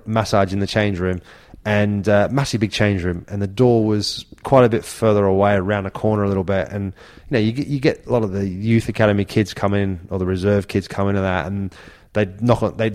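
A man's voice: fairly low pitch, a little mellow. A man, a former footballer and podcast co-host, telling anecdotes in casual chat. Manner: anecdotal, acts out quotes with raised voice.

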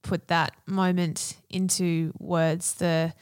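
A woman's voice: fairly low pitch, level tone, slow, smooth, no echo, clean studio sound. A young woman chatting casually, affectionate and teasing, often laughing. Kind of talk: casual chat.

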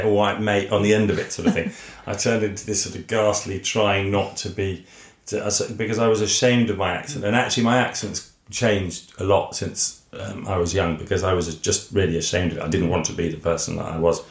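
A middle-aged man hosting a relaxed interview, chatty and reflective, opening up about his own past. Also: sits low, brisk. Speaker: host. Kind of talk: casual conversational interview. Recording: echoey room.

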